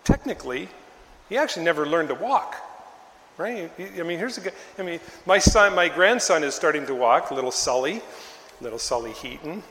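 Animated older male pastor in echoey hall. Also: fairly high pitch, normal speed. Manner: animated storytelling, acting out bystanders in voices. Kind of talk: sermon.

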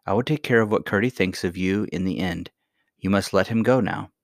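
A man reading a storybook, voicing a sweet and gentle magical old grandmother with a soft, kindly manner. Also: deep voice, brisk, vocal fry, no room sound, clean studio sound. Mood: tender.

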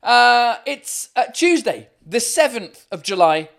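A man's voice: very high-pitched, very animated, takes it slowly, gravelly, fairly bright tone. A man hosting his own live stream show, chatting casually and swearing freely.

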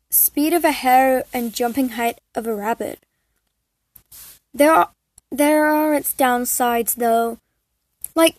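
A woman reading fan fiction aloud in a halting way, often stumbling and restarting over the text. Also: on the high side, a little mellow, dry recording. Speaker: reader.

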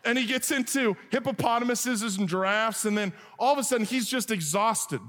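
A man preaching a sermon, telling a humorous story with lively asides and then reading scripture. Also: sits high. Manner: animated, joking, shifts into acted voices for characters. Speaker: pastor. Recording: long hall reverb.

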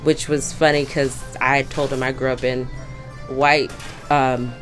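A woman in her twenties from Durham, North Carolina, telling a personal story in a thoughtful way with frequent pauses. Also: extremely low pitch, level tone, soft background music. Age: 20s. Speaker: community storyteller. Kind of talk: reflective storytelling.

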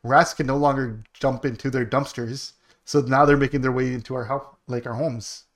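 Animated swearing man telling a story. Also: mid-range voice, normal speed. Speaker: podcast host. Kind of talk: casual chat.

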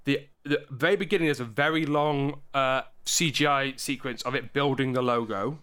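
A man's voice: mid-range voice, fairly even intonation, normal speed, fairly bright tone, clean tone. A man co-hosting a casual film review chat, rambling with frequent restarts. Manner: rambling, many restarts and hedges. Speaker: podcast co-host.

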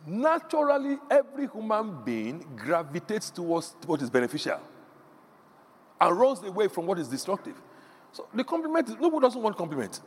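Preacher guy, middle-aged, fairly high voice that swings all over, tells stories and does the voices, big echoey church hall. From Nigeria. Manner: animated storytelling, acting out quoted voices, chuckling asides. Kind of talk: sermon. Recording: echoey hall, faint background hum.

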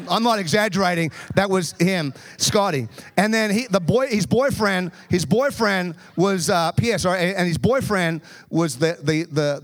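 High-voiced male preacher telling stories. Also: a bit bright, dry recording. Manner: humorous storytelling, addresses the congregation. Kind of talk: sermon.

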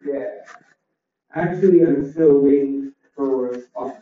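A man doing a deadpan stand-up set with one-liners and crowd chat, his voice a little crackly, on a small club stage. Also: on the high side, unhurried. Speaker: stand-up comedian. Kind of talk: open mic stand-up set. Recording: roomy, distant, dull club recording.

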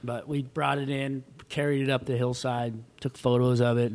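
Animated surfer man telling a story. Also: medium pitch, moderate pace. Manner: animated, acts out quoted voices, swears freely. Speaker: guest. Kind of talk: casual storytelling.

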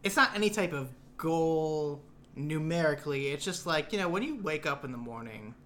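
A man's voice: fairly high pitch, animated, normal speed, fairly bright tone, a little hiss or hum. A young man co-hosting a podcast in casual chat, explaining things in a dry, rambling, self-mocking way. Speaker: podcast co-host.

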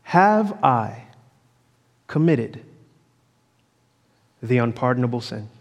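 A man preaching an evening sermon to a congregation in a church sanctuary, fervent, with big swings from loud to hushed. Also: medium pitch, sing-song, slow. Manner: fervent, sweeping rises and drops in loudness. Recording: long church reverb.

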